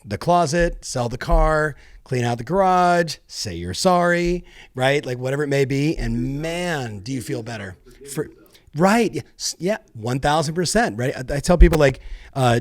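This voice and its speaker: A man's voice: a little high, animated, moderate pace, no room sound, studio quality. A man hosting a podcast, talking casually and checking in with "right?". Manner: chatty, keeps saying "right?" and "yeah". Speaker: podcast host. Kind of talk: casual interview chat.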